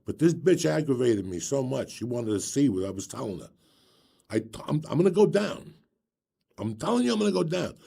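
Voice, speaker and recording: A man in his sixties tells a rambling, profane story on a podcast. His voice is gravelly and husky with a dark, mellow tone. He drops swear words freely and chuckles between the lines. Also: mid-range voice, brisk. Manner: profane, animated, laughs through his stories.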